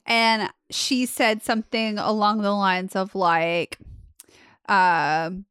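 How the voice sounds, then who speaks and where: A woman's voice: medium pitch, fairly even intonation, slow pace, a bit bright, clear, resonant tone, no echo, studio quality. A young woman co-hosting a podcast in casual chat, rambling with many fillers and frequent laughs. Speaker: podcast co-host.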